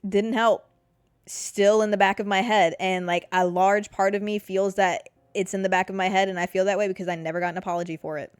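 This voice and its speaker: A woman's voice: mid-range voice, fairly even intonation, a little fast, smooth, dry recording. A young woman, hosting a solo podcast in a candid, rambling, casual way, full of "like" and the odd swear word. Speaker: podcast host.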